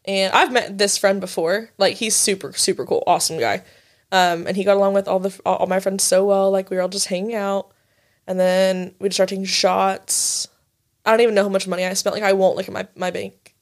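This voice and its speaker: A young woman in her twenties rambles through a story on a podcast, full of "like" and swearing. She laughs as she goes, her voice sitting at an ordinary middle pitch. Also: fairly even intonation. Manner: fast, profane, laughing, filler-heavy "like". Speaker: podcast co-host. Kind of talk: casual storytelling chat.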